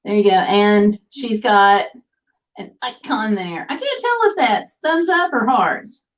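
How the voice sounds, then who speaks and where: A woman's voice: mid-range voice, big pitch swings, slow pace. A woman hosting a casual livestream, reading viewer comments aloud in an easygoing, chatty way. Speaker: livestream host. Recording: voice picked up from a distance.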